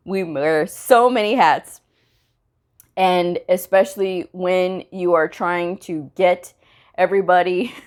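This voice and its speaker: A woman who teaches medical coding, chatting casually in a vlog and telling a story about her workday, laughing often and acting out the dialogue. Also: on the low side. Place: at home after work.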